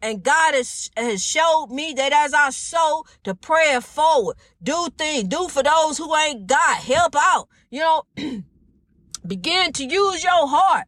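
A woman's voice: high-pitched, expressive, takes it slowly, fairly bright tone, no echo, clean studio sound. A woman hosting a podcast, delivering a preachy, repetitive monologue and calling the listener honey. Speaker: podcast host.

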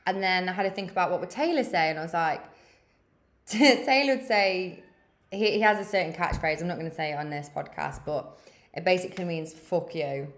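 Candid and encouraging, this English podcaster in her thirties talks fairly quickly in a somewhat low voice with fairly even intonation. She curses freely with a big-sister frankness, and the room echoes.

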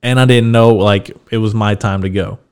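Young guy, lowish voice, chill podcast host rambling thru a story, cusses a lot. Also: fairly even intonation, moderate pace, darkish tone, clean tone. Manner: laid-back, swears freely, laughs through his stories. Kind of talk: casual storytelling chat.

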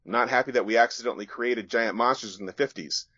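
A man voicing a bold, restless young woman who pilots a robot, with a quick, teasing delivery. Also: medium pitch, pushed and bright, no echo. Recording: dull, dry sound.

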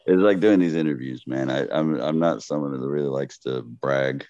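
A man with a Texan accent, a comedian guest telling stories at a slow, steady, laid-back pace. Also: dry recording, muffled recording. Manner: slow-paced, deep, laid-back drawl.

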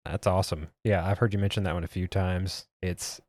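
A man co-hosting a podcast in an easygoing, casual manner, pausing and restarting often. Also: low voice, steady tone, a little mellow, no room sound, studio quality. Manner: easygoing, hesitant with fillers. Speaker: podcast co-host. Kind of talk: casual chat. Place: podcast studio.

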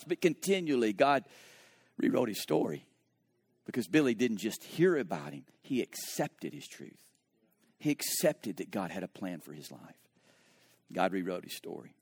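A man who is a pastor, preaching a sermon and telling a story, moving between hushed, slow moments and lively, animated stretches. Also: lowish voice, breathy edge, no room sound, studio quality.

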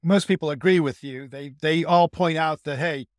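Guy cohost with a high voice, wry jokes, dry close mic. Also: moderate pace, dry recording. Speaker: podcast co-host. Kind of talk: casual podcast chat.

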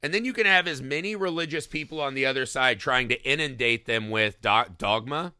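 A man's voice: medium pitch, brisk, sharp tone, clean tone, no echo, clean studio sound. A man co-hosting a podcast, talking casually and profanely about a movie and acting out the lines he quotes. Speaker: podcast co-host. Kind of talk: casual movie review chat.

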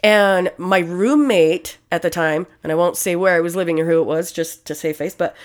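A woman's voice: on the low side, moderate pace. A young adult woman in casual, crude chat, telling blunt, profane stories and laughing often.

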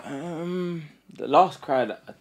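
A man's voice: fairly high pitch, slow pace, husky. A young man, chatting casually on a podcast in laid-back slang. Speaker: podcast co-host. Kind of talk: casual chat.

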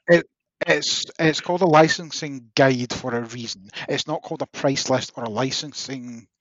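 A man's voice: mid-range voice, normal speed, dull audio. A man in a casual chat who rants and swears, then laughs and apologises.

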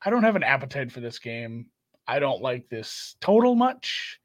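A man's voice: medium pitch, normal speed. A man co-hosting a casual sports betting show, talking games with wry asides. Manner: animated, wry, swears casually. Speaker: podcast co-host.

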